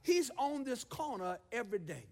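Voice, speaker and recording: High-voiced preacher in an echoing church. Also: male voice, very animated, normal speed. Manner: rhythmic repetition, rising to shouts. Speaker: pastor. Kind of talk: sermon. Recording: long church reverb.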